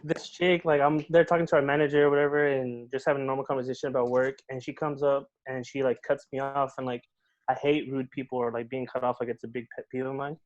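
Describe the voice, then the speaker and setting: Young guy, podcast guest, rapid and slightly high voice, lots of swearing and slang, dull lo-fi audio. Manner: animated, swears often, says "bro" and "dude". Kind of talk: casual storytelling.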